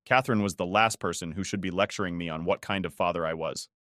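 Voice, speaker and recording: A man in his forties tells a first-person story in a low, weary voice with a resentful edge. The recording is close and dry, with no room sound at all. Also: fast talker, a bit bright, dry recording. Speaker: story narrator.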